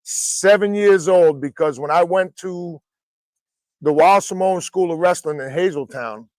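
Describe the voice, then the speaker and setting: A man with a noticeably high voice tells wrestling stories on a podcast, lively and full of swearing. His voice is recorded close and dry, with no room sound. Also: a little slow, no echo. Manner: animated, profane anecdotes. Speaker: wrestling trainer. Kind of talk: casual podcast storytelling.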